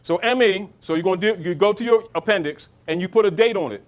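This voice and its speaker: A man's voice: high-pitched, quick pace. A man giving an informal teaching talk to an audience, emphatic and repetitive, often asking whether his listeners understand. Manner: emphatic, repeats himself, asks listeners if they understand. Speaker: lecturer.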